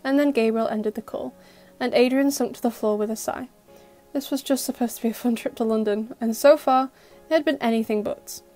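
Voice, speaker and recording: Woman reading an audio story over soft music. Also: on the high side, fairly even intonation, fairly quick. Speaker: audio fic narrator. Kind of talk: storybook narration.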